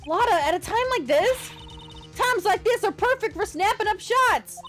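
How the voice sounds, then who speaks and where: A woman voicing a nosy, excitable young female photographer in a put-on Southern drawl, reading video game lines. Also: very high-pitched, normal speed, faint music behind. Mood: excited. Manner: loud, excitable, folksy. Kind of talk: playing a game's dialogue aloud.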